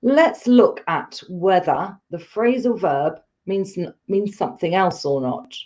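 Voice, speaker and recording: A woman's voice: medium pitch, expressive, takes it slowly, darkish tone, highs cut off. A woman teaching a live online English lesson, patient and encouraging as she explains step by step.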